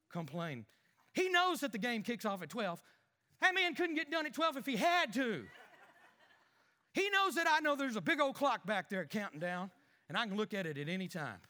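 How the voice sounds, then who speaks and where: A petty, grumbling husband in church, as a preacher acts him out mutters gripes and flips to fake cheer. The voice sits high with a sharp, bright edge. It rings in a long, echoey hall. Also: male voice, sing-song, moderate pace, pauses often, full character voice. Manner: muttering complaints under his breath, fake cheer to others. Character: grumbling married male churchgoer, sulky and petty. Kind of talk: comic skit within a sermon.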